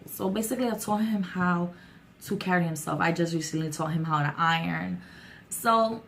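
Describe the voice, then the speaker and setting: A young adult woman talking candidly and warmly to her vlog viewers, with a chatty, heartfelt manner. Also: lowish voice, a little hiss or hum. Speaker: YouTuber. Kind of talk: casual vlog talk.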